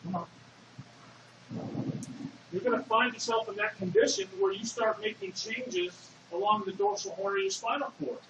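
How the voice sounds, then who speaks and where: In an echoey lecture hall, a man gives a classroom lecture, explaining things step by step and posing questions to the class. His voice is high and a bit bright, with slight background noise.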